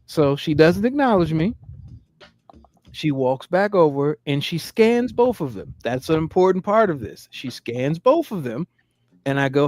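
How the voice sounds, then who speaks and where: A man's voice: on the high side, measured pace, dry recording, faint music behind. A man hosting a live-streamed podcast, telling a story in a casual, profane way and acting out the quotes. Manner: animated, profane, acts out quotes. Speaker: podcast host. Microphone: studio mic on a live stream.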